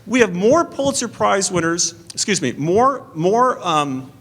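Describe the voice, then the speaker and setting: A man's voice: high-pitched, very animated, unhurried, fairly bright tone. A middle-aged man answering in a debate from a stage podium, earnest and stumbling over restarts. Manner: earnest, repeats and restarts under pressure.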